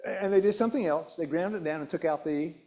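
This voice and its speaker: Man, fairly high voice, nutrition talk at a church, asks the audience questions, restarts sentences. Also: fast, a little mellow. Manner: quizzes the audience, repeats key words, restarts often. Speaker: health seminar presenter. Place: church hall.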